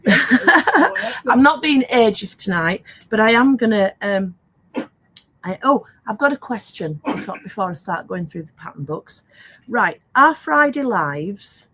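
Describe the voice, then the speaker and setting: Here the same kind of host, an older woman running a casual craft-supply live stream, chats and laughs frequently while reading comments from viewers. Her mid-range voice is a bit bright, and the rough recording carries slight background noise.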